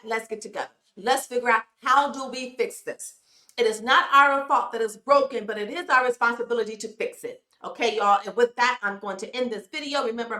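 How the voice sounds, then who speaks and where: Woman vlog host with a bright, forceful, emphatic delivery, in an echoey room. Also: fairly high pitch. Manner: preachy, emphatic, addresses viewers as "y'all". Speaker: YouTube commentary host. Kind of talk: casual commentary vlog.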